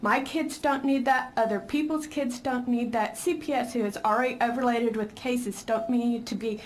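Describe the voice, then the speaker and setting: Firm mother reading testimony, slightly high. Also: fairly even intonation, moderate pace, a little hiss or hum, rough recording. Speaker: mother testifying at a legislative hearing.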